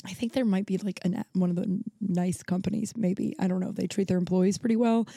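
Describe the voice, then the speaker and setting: A woman in her thirties talks alone into a home podcast mic, rambling and restarting her sentences, full of fillers. Her tone is mellow and relaxed, a bit tired, and the recording sounds dry and close. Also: mid-range voice, a little fast, gravelly, dry recording. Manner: rambling, filler-heavy, self-interrupting. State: tired, yawning. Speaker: podcast host. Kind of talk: casual solo chat. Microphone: home recording setup.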